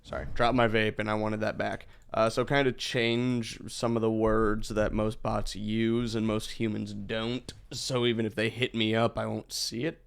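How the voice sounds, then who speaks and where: A man's voice: on the low side, level tone, normal speed, vocal fry, few pauses, clear, resonant tone. A man in his thirties chatting casually as he streams a game, rambling with profane asides.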